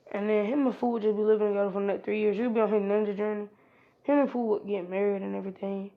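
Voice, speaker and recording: A woman's voice: mid-range voice, steady tone, racing, phone-quality sound. A woman narrating a casual fan-made story in a loose, chatty way, talking straight to her viewers.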